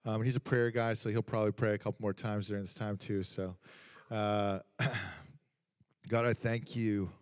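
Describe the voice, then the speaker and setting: A man, the church's pastor, introducing a guest speaker and then leading an earnest spoken prayer, halting and full of fillers. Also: fairly low pitch, flat delivery, a little mellow, studio quality. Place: church sanctuary. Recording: long church hall reverb.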